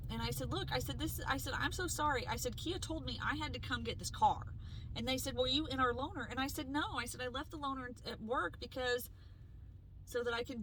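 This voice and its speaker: Lively, bright-voiced woman telling a story. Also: a little high, slight background noise, rough recording. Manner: animated, acts out quoted voices, swears freely. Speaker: podcast co-host. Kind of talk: casual storytelling chat.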